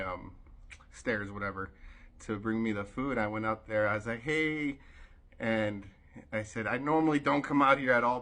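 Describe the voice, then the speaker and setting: A man telling a personal story in a casual vlog, animated, with many fillers and sudden jumps in pitch when he quotes others. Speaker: vlogger.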